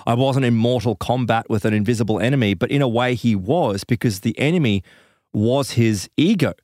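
A man tells a story in casual chat and slips into quoted voices along the way. His pitch sits in the middle of the range. The room sounds dry and close, with no echo. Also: a little fast. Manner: animated, acts out quoted voices, laughs often. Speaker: podcast co-host telling a story.

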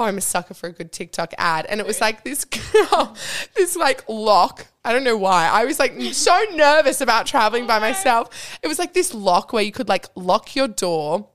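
A young woman in casual chat, gushing through her stories with giggles and plenty of "like." Her pitch sits right in the middle for a woman. She talks as a bubbly guest among friends. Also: fairly bright tone, clean tone. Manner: bubbly, giggly storytelling, full of "like". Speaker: podcast guest.

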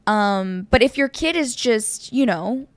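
A young woman co-hosting a podcast, telling stories in a casual, animated way with frequent "like". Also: on the high side, slow pace, no echo. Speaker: podcast co-host. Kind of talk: casual chat.

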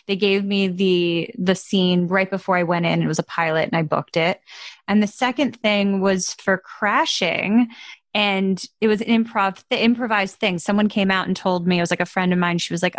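A woman's voice: mid-range voice, no echo. Woman, actor, interview host, casual chat, eager and agreeable, dry close recording. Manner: eager, agreeable, lots of quick yeahs.

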